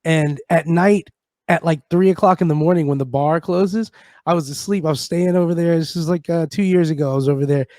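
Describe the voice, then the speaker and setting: A man with a high, bright voice co-hosts a radio comedy show. He tells animated stories and slips into other people's voices as he goes. The studio sound is close and dry. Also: fairly quick, dry recording. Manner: animated storyteller, acts out voices. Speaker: radio co-host. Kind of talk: casual comedy chat.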